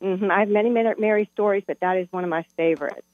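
Over a tinny phone line with a hum, a middle-aged caller tells a radio show a heartfelt story from her life. She talks fast in a medium pitch, with no echo.

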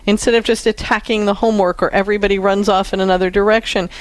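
A woman's voice: medium pitch, fairly even intonation, quick pace, no room sound. A woman co-hosting an advice talk show, earnestly explaining parenting routines to a caller. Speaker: radio show co-host, counselor.

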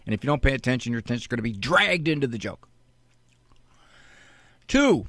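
Animated man telling a comic parenting story. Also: medium pitch, brisk, long pauses, no room sound, clean studio sound. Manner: animated, acts out scenes. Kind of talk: stand-up comedy storytelling.

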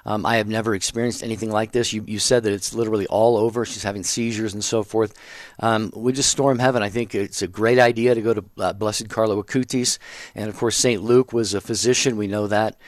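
A man's voice: lowish voice, no room sound. A middle-aged man co-hosting a call-in talk show, earnest and full of "you know" fillers. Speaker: co-host. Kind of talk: casual radio talk show.

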